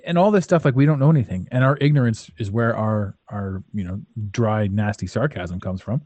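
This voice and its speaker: A man's voice: on the low side, a little fast, darkish tone, dry recording, dull audio. A man hosting a podcast in casual chat, talking bluntly and emphatically and swearing freely. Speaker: podcast host.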